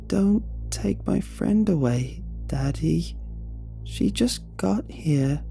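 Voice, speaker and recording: A man's voice: fairly high pitch, lively intonation, drawn-out words, vocal fry, warm tone, soft background music, voice pushed up, exaggerated voice. A man voicing a creepy entity that mimics a little girl, speaking in an eerily sweet, pleading sing-song.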